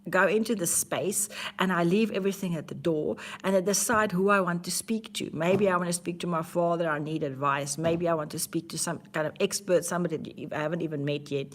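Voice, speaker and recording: Earnest woman vlogger, slightly low voice. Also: fairly quick, hardly any pauses. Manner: candid and earnest, with frequent restarts. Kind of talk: casual self-help talk to camera.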